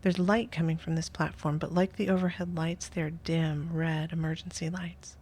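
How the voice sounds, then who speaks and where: A woman reads a first-person interactive story aloud, her voice soft and often dropping to a near whisper. She breaks off now and then for casual asides of her own. Her pitch sits a little low. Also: fairly even intonation, moderate pace. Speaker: host reading an interactive story.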